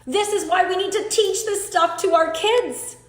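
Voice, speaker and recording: Brief: high-pitched woman coach in her thirties, earnest live class over a call, roomy echo. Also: moderate pace. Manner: earnest, emphatic, talks straight to the group. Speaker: coach leading an online class.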